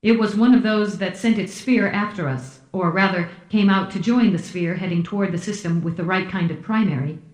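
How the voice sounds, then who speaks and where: A man's voice: sits high, a little fast, hardly any pauses, natural voice. A woman reading an audiobook voices a formal, deferential male officer aboard a starship. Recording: roomy echo.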